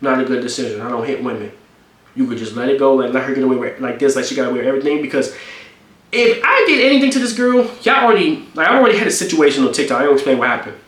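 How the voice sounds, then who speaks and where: A man telling a story in a casual, profane and animated way, rambling as he goes. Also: medium pitch, racing. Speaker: streamer. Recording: echoey room.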